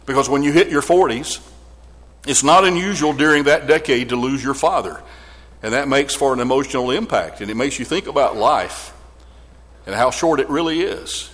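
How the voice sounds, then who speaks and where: A man's voice: medium pitch, moderate pace, a bit bright. A middle-aged man preaching a sermon, telling a story reflectively and speaking directly to his congregation. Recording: long hall reverb.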